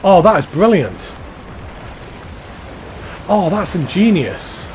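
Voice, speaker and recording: Guy rambling happily over a game park tour, bit higher voice, soft music behind. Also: sing-song, takes it slowly. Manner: enthusiastic, rambling, repeats praise. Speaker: YouTuber touring a fan-built theme park. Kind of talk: casual game commentary.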